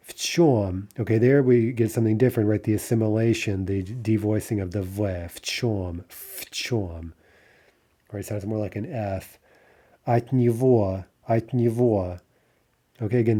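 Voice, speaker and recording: A middle-aged man explaining grammar patiently in a lesson, often checking in with the listener and repeating example phrases slowly. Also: lowish voice, warm tone. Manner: patient, explains step by step with frequent "right?". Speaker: language teacher.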